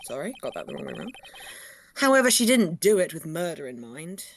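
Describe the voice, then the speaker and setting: A woman voicing a cold, sharp male prosecutor from a game, reading his lines in a measured, cutting way. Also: sits low, wildly swooping pitch, crowd noise, voice pushed down. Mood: firm.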